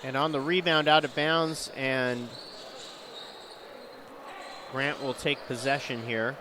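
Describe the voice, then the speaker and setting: A man calling live high school basketball play-by-play who gets louder on big plays. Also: takes it slowly, background noise. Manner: rising excitement on big plays. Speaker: play-by-play announcer.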